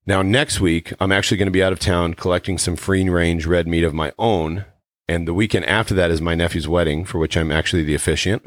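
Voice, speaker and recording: A man hosting a wellness podcast, explaining in an earnest, measured way. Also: low-pitched, no echo, studio quality. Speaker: podcast host. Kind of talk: casual podcast chat.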